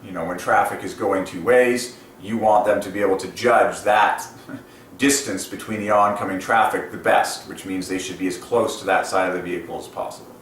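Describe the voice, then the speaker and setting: A man's voice: sits low, steady tone, moderate pace, a bit bright. A man hosting his channel, ranting enthusiastically in a casual monologue and laughing often. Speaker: channel host. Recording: roomy echo, distant from mic, faint noise.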